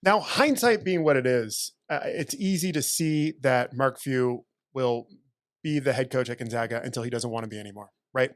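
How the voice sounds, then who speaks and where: Man co-hosting, quick asides, dry sound. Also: medium pitch, no echo. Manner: quick interjections and backchannels. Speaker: podcast co-host. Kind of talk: casual interview chat.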